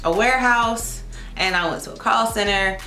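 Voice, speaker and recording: In an echoey room with faint music behind her, a young lash artist and licensed esthetician vlogs to camera, chatty and self-teasing, with plenty of y'all for her viewers. Her medium-pitched voice has a sharp tone and moves at a normal pace.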